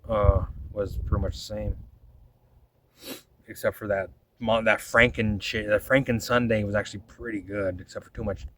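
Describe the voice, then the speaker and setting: A lower-voiced man tells a long casual story, swearing freely and stumbling over restarts. He sits a little back from the mic, with a faint hiss behind him. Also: steady tone, moderate pace, fairly bright tone, far from the mic, low-quality recording. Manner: rambling, profane, restarts often, quotes himself. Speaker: vlogger.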